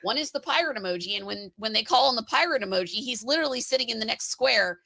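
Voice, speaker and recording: A woman's voice: fairly high pitch, expressive, fast, vocal fry, sharp tone, no room sound. A woman co-hosting a live stream, chatting casually, laughing often and telling stories with energy. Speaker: co-host of a live stream show. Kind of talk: casual chat.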